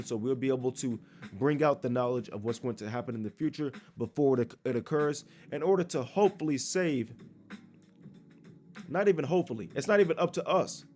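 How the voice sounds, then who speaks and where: A man's voice: mid-range voice, darkish tone. A man preaching in a blunt, crude, scolding way, reading scripture aloud and commenting on it. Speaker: street preacher.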